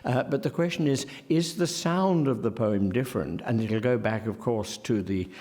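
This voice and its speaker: A man's voice: medium pitch, moderate pace, darkish tone. A man giving a scholarly lecture, precise and pondering, taking care over how each word is pronounced.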